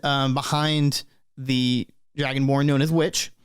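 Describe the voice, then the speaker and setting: A man's voice: on the high side, slow, clean tone, no room sound, clean studio sound. Easygoing man running a tabletop game. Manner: relaxed, full of fillers. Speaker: game master.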